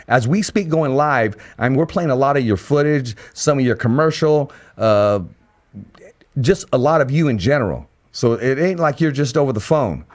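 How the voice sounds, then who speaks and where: Podcast host, male, mid-pitched voice, high energy, stumbles and repeats himself. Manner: energetic, repeats words when excited. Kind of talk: casual interview.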